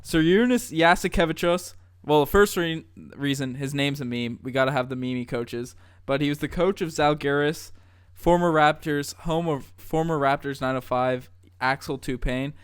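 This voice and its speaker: A man hosting a casual sports podcast, upbeat and quick to agree with his co-host. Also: on the high side, clean tone, no room sound, clean studio sound. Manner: upbeat, brief agreeing replies.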